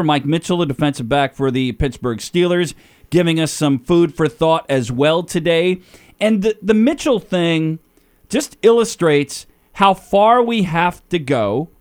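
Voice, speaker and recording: A man hosting a sports talk radio show, giving emphatic, opinionated takes. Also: on the high side.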